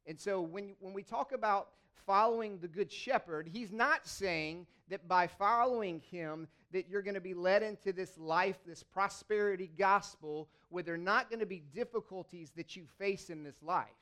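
A man's voice: high voice, normal speed, few pauses, bright, forceful tone. A man giving a sermon in a conversational, storytelling way, often restarting his sentences. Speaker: lay preacher.

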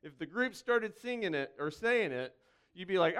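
Smooth-voiced male pastor, lively then hushed. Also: high-pitched. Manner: swings from lively, joking asides to slow, hushed reflection; repeats key phrases slowly for emphasis. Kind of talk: conversational sermon.

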